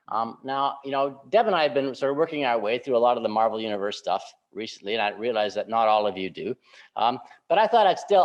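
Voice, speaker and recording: A man giving a sermon as a pastor, speaking informally and often checking in with a quick "right?". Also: medium pitch. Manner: informal, keeps asking "right?" to check in with listeners. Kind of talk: conversational sermon. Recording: dull lo-fi recording.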